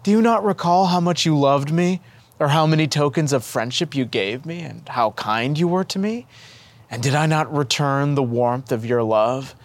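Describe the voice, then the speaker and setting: A tender, earnest young boy saint, voiced by a man in a spoken storybook, his voice raised well above the reader's own and swinging lively in pitch. He asks kind questions patiently, with quiet warmth. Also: measured pace. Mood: affectionate.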